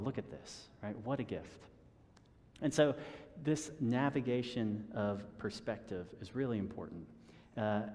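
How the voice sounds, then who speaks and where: A man preaching a sermon in a relaxed conversational way, chuckling at his own stories and often restarting his sentences. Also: fairly low pitch, in a large hall. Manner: conversational, self-deprecating with chuckles and repeated restarts. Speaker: pastor.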